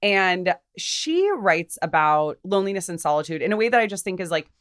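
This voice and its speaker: Lively woman podcast co-host. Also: on the low side, a little fast, clean tone. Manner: lively, thoughtful, frequent fillers. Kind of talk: casual philosophical discussion.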